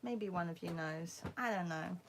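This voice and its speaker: A woman's voice: on the low side, normal speed, a little hiss or hum. A woman hosting a casual livestream art class, chatting with viewers and greeting them by name, sometimes dropping into a whisper.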